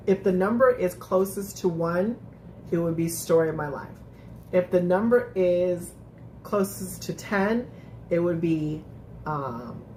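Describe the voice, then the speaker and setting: A woman hosts a casual live-stream recap, chatting with viewers, laughing often, and restarting her sentences. Her voice is on the low side with a darkish tone, recorded in an echoey room with a little hiss or hum.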